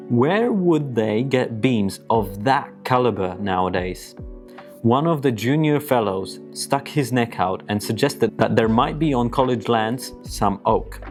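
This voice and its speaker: A man hosting an explanatory video essay, thinking aloud in a reflective way with occasional restarts. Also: lowish voice.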